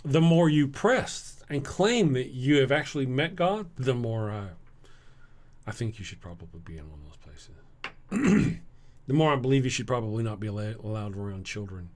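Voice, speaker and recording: A man with a Southern US accent, hosting a casual livestream and answering chat. He sounds tired, talks bluntly and sarcastically, and clears his throat often. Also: mid-range voice, sing-song, normal speed, a little mellow. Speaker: livestream host reading chat.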